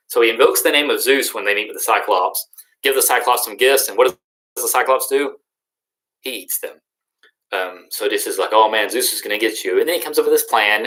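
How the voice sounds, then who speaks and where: A man's voice: medium pitch, sharp tone, low-quality recording. A young adult male teacher recapping a story in a recorded lesson, in a casual, slangy and joking way.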